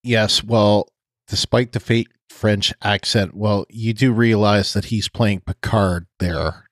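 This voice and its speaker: A man co-hosting a podcast in an easy, rambling way, full of fillers and laughs. His voice sits low, and the sound is dry and close. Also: fairly even intonation, takes it slowly, no echo. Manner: chatty, laughs often, trails off with fillers. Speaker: podcast co-host. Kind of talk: casual podcast chat.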